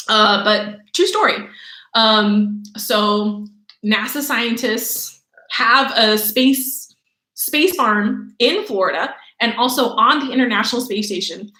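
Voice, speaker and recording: Young woman teacher, chatty and animated, high voice, roomy echo. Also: takes it slowly. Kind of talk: remote lesson for kids. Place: room at home.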